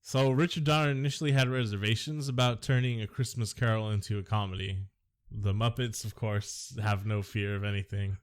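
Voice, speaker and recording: A man with a fairly low voice hosts a loose movie podcast. He jokes his way through trivia, rambling and breaking off into silly asides. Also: steady tone, fairly quick. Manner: jokey, rambling, silly impressions. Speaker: podcast co-host. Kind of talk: casual movie podcast chat.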